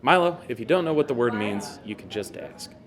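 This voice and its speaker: A man's voice: mid-range voice, animated, a little fast. A man co-hosting, eagerly explaining a video game in casual chat. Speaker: co-host.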